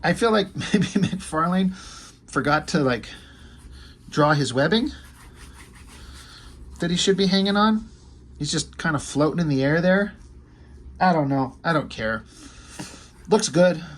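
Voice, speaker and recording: Rambling, enthusiastic comic book fan. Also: male voice, fairly high pitch, animated, a little slow, pauses often. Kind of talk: casual video commentary.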